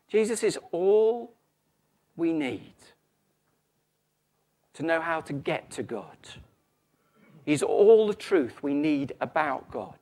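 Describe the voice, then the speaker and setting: A man preaching a sermon in a church, conversational and animated, telling a story with asides. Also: on the high side.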